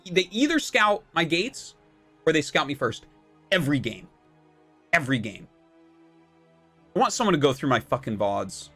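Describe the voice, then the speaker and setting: A man in his thirties ranting live on stream, swearing freely and sounding fed up with his opponents and chat. His pitch leaps and dips through a lively, animated delivery. Faint game music plays softly behind his close desk mic. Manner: ranting, exasperated, heavy swearing. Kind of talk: live-stream commentary while playing.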